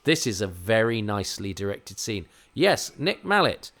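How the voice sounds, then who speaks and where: A middle-aged man speaks in a fairly low voice with a crisp English Received Pronunciation accent. He talks as a podcast host in loose, reflective commentary. His sentences wander, full of fillers and false starts. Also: big pitch swings, moderate pace, fairly bright tone. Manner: rambling, many fillers and restarts. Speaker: podcast host reviewing a TV episode.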